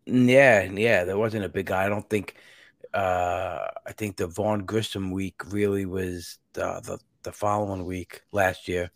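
A man's voice: deep voice, fairly even intonation, measured pace, gravelly, dry recording, studio quality. A man hosting a podcast in casual chat, rambling and restarting his sentences with laughs in between. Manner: rambling, self-interrupting, laughs between thoughts. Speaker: podcast host.

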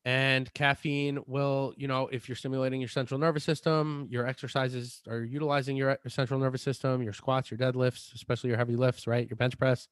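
Co-hosting a fitness podcast, a man with a mid-range voice casually explains supplement advice, often restarting and repeating himself. He speaks a little fast with few pauses and little pitch movement. The tone is clean, with close, dry sound and no room ambience.

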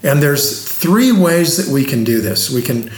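A man's voice: medium pitch, sing-song, unhurried. Man explaining investing in an echoey room. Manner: plain-spoken, teacher-like, explains with examples. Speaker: investing expert. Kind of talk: casual explanatory conversation. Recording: roomy echo.

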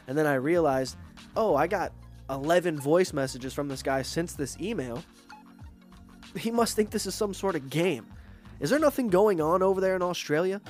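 A man hosting a podcast, ranting in a casual, profane, animated way and mocking others with put-on voices. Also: on the high side, moderate pace, soft background music. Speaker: podcast host. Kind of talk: casual rant.

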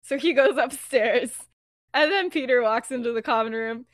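A woman's voice: on the high side, moderate pace, no room sound. A young woman hosting a podcast, casually retelling fan fiction in a chatty, giggly way with lots of fillers. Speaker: podcast host.

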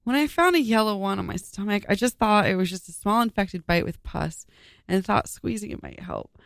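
A woman's voice: medium pitch, animated, brisk, vocal fry, dry recording, studio quality. A young woman co-hosting a casual podcast, reading an article aloud and groaning and swearing in disgust as she goes. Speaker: podcast co-host.

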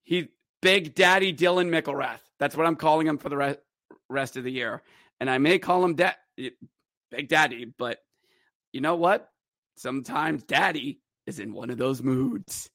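Excitable man recapping hockey on a podcast. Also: a little high, normal speed, no room sound, studio quality. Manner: excitable, jokey, acts out players' voices with sudden loud shouts. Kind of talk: animated solo sports recap.

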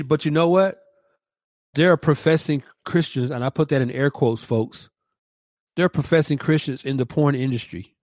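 A man co-hosting a Christian commentary podcast speaks emphatically, stressing his points by repeating words. His voice is mid-range and darkish in tone, with no room sound.

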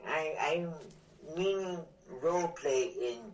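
A man calling in to a podcast, speaking in a hesitant, halting, awkward way. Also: on the high side, dull audio. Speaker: caller. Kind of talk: casual chat.

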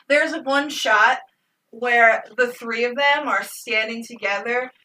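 Brief: animated woman co-host, bright and forceful tone, sitting a bit back from the mic. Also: a little high, slow, far from the mic, poor audio. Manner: animated, emotional, swears freely. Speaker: podcast co-host. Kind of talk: casual movie recap chat.

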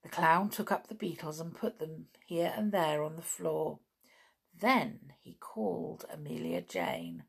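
A woman narrating a children's storybook, expressive, with dramatic gasps and sighs. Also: lowish voice, a little slow, vocal fry, husky. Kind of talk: storybook reading.

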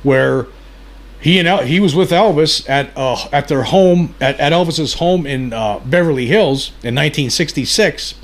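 A man hosting a commentary video, speaking haltingly with many fillers and restarts. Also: a little high. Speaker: host.

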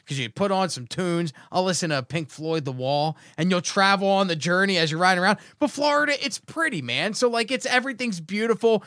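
A middle-aged man telling a rambling, excitable story in casual chat with friends. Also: sits high, fairly quick, hardly any pauses, dry recording, clean studio sound. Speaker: podcast co-host.

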